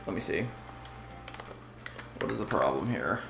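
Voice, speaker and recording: A man's voice: sits low, animated, creaky, a bit bright, echoey room, soft background music. A man hosting a let's play, chatting casually and rambling between laughs. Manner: laid-back, rambling, quick to laugh. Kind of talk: casual gameplay chat.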